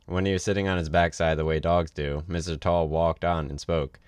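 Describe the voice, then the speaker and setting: A man's voice: low voice, level tone, moderate pace, a little mellow, smooth, dry recording. A man reading a novel aloud on a livestream, in a casual way with offhand asides. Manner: casual read with ad-libbed asides. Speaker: reader.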